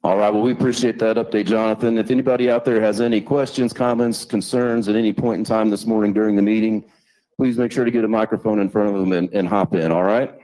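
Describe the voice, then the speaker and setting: A man's voice: on the low side, fairly even intonation, fast talker, mellow, rough recording. A man hosting a live company safety meeting, introducing speakers in a friendly, conversational way. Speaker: meeting host.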